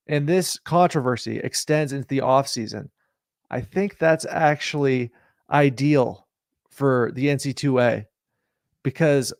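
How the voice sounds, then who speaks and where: A man's voice: mid-range voice, darkish tone, no room sound, clean studio sound. A man hosting a sports talk show, pressing his point insistently and building long analogies in casual debate.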